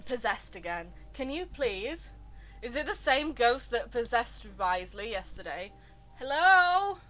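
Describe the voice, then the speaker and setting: A woman chatting live over her gameplay, rambling and gushing as her thoughts wander. Her voice is a little high and swoops up and down, with faint music in the background. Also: lively intonation, measured pace. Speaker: streamer. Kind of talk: casual live-stream chat over gameplay.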